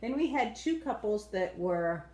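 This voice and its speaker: A woman co-hosting a casual dance-show review, measured and agreeable, steering the talk. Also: mid-range voice, very animated, a little mellow, roomy sound, poor audio.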